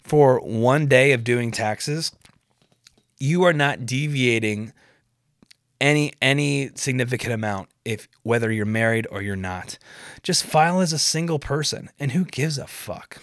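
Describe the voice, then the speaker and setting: A man's voice: medium pitch, a little slow, fairly bright tone, no echo, studio quality. A young man hosting a podcast, delivering a rambling, profane rant that keeps getting sidetracked. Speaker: podcast host. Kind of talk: casual ranting monologue.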